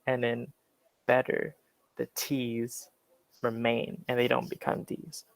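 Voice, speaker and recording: A man with a General American accent, teaching an English class in a relaxed, explanatory way with many fillers. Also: medium pitch, slow pace, gravelly, no echo, poor audio. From Western United States. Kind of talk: classroom lecture.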